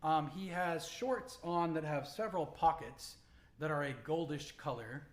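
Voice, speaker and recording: A man narrating a tabletop game as game master in a measured, descriptive way. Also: a little high.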